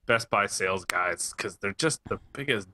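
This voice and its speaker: A man co-hosting a casual podcast, telling animated stories and laughing often. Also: fairly low pitch, moderate pace, slight background noise. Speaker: podcast co-host. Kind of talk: casual chat, storytelling. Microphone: headset or desk mic in a live-streamed podcast.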